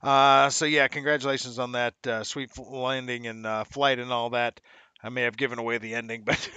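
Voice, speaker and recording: A man's voice: mid-range voice, fairly even intonation, moderate pace, bright, forceful tone, smooth, no echo. A man hosting a casual livestream show, chatty and upbeat, laughing often and using slang. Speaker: live show host.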